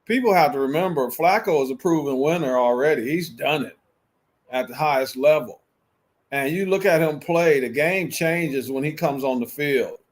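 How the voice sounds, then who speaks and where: Speaking at normal speed in a higher-pitched voice, this male co-host of a sports talk show makes his football picks in a casual debate. He argues emphatically while keeping it conversational.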